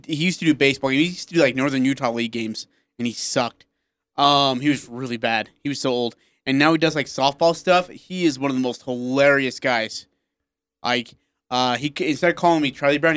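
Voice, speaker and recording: A man's voice: mid-range voice, a bit bright, smooth. A man co-hosting a radio sports talk show, telling a rambling story and laughing at his own jokes. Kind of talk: casual sports talk banter. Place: radio studio.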